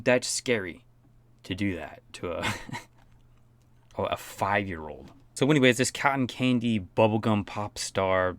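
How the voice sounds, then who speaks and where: A man's voice: fairly low pitch, no echo. A man giving mocking, profane commentary on a pop star. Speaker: commentary host. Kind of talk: sarcastic commentary.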